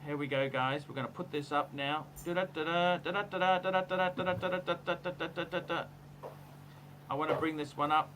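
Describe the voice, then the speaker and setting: A man's voice: on the high side, level tone, fast, hardly any pauses, bright, forceful tone, a little hiss or hum, low-quality recording. A man hosting a casual livestream, effusive and chatty, reading out viewer messages. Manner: effusive, reads out super chats. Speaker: livestream host.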